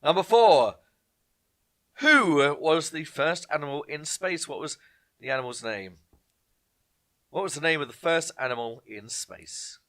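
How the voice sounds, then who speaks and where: A man's voice: a little high, expressive, measured pace, pushed and bright. A man hosting an online pub quiz, reading each question twice and dropping jokey asides to viewers. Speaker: quiz host.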